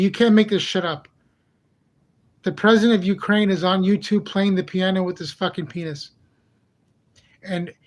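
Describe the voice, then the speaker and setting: A man ranting in a heated, profane monologue for his own channel, repeating himself in exasperation. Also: high voice. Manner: repetitive, exasperated. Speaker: channel host. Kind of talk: angry monologue vlog.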